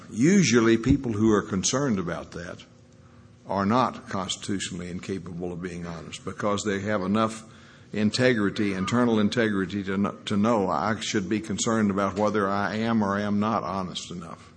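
A man's voice: fairly low pitch, moderate pace, slight background noise. An older man, a lawyer, telling folksy stories about his recovery at a meeting. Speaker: recovering alcoholic sharing at a meeting. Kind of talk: folksy anecdotal storytelling.

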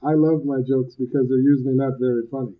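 A man speaking at a recovery meeting about his own recovery, blunt and emphatic, loud at times and cracking jokes. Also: medium pitch, little pitch movement, fast talker. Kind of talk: personal recovery talk. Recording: dull lo-fi recording.

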